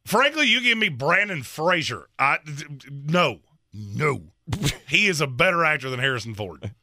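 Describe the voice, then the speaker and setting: A man co-hosting a sports radio show in casual banter, ranting with animated, exaggerated complaints. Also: fairly high pitch, normal speed, dry recording, clean studio sound.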